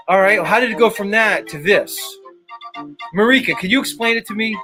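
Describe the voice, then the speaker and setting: A man's voice: high voice, lively intonation, brisk, music in the background. A man hosting a livestream show, ranting in a sarcastic, mock-exasperated way and swearing often. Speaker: show host. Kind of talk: casual sarcastic livestream rant.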